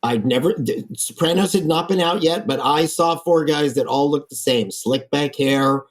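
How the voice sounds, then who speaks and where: Lebhaft erzählender Mann, Architekt. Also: male voice, on the high side, moderate pace. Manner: lively storyteller, acts out quoted voices. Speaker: architect guest. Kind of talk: animated anecdote telling.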